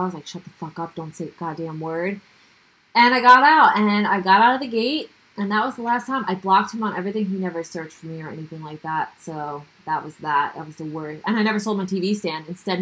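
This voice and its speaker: A woman's voice: on the low side, fairly bright tone, poor audio. A young woman, telling a wild dating story on a podcast, acting out quotes and swearing freely. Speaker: guest storyteller.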